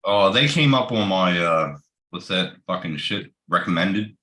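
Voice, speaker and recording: Deep, bright-voiced man in an echoey room. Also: expressive, unhurried. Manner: crude, swears heavily, short agreeing replies. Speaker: livestream co-host. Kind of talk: casual chat.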